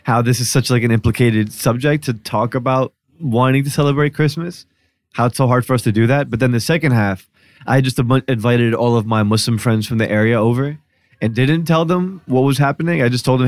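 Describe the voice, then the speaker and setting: A man's voice: medium pitch, fairly quick, no echo. A man in his thirties, a journalist guest, telling stories in a casual podcast chat and laughing often. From United States. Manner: laughing often, animated storytelling.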